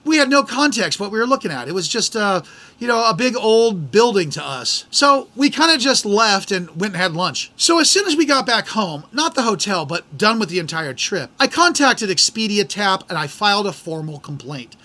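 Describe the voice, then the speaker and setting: A middle-aged American man hosting a podcast, telling a travel story in an animated, exasperated way and acting out the people in it. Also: high-pitched, moderate pace. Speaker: podcast host. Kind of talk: casual storytelling.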